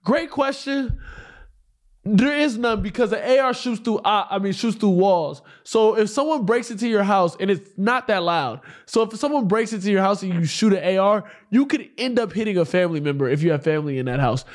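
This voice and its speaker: High-voiced young man arguing on stream. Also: fairly quick. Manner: argumentative, laughs often. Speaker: stream co-host. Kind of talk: casual livestream banter.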